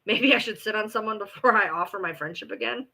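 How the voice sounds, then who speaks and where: A woman talks casually to her online audience in a bright, forward voice. She is blunt and swears freely. Her pitch sits mid-range, and she flares up into loud exasperation. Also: fast, low-quality recording. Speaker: online commentator. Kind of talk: casual livestream chat.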